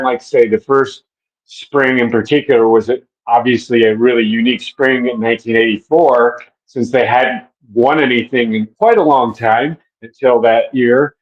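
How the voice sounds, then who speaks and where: A middle-aged man from Minneapolis, a stadium announcer, telling relaxed stories in a casual interview with soft laughs and fillers. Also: mid-range voice. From Minneapolis, USA. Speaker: public address announcer. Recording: dull lo-fi audio.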